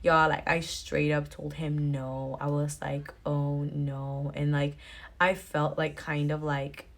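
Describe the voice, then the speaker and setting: A woman's voice: deep voice, flat delivery, unhurried, gravelly. A young woman addressing the camera in a casual storytime chat, full of fillers, y'alls and nervous laughs. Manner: chatty, filler-heavy with many likes and y'alls, nervous laughs. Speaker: storytime vlogger.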